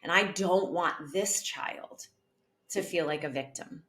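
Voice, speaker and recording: A woman's voice: lowish voice, slow pace, a bit bright. A woman giving a parenting talk, earnest and coaching, with rhetorical questions to her listeners. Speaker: parenting educator. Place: community center video.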